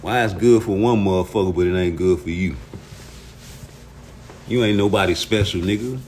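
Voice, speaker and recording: A man's voice: low voice, normal speed, a little mellow, slight background noise. A man hosting a livestream, ranting at his chat about boxing in a profane, heated way, arguing with viewers. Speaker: boxing commentary streamer.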